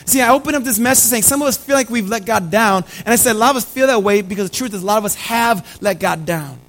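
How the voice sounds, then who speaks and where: High-voiced man preaching a sermon. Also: fast, a bit bright, low-quality recording. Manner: earnest, repeats key phrases, calls listeners family. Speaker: pastor.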